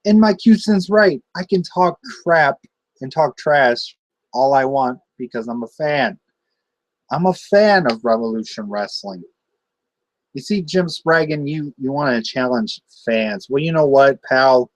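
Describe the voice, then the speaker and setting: A man's voice: mid-range voice, expressive, unhurried, no echo. A man ranting a taunting wrestling promo. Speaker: wrestling show host. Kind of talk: trash-talking wrestling promo.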